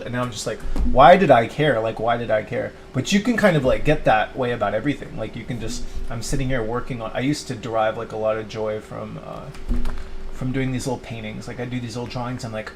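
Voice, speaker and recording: A man's voice: medium pitch, fast, slight background noise. A middle-aged man talking to camera for his own channel. He rambles, full of "like" and restarts, and acts out quotes of his own past self. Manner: quotes himself in mock voices. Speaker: YouTuber. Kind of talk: rambling confessional monologue.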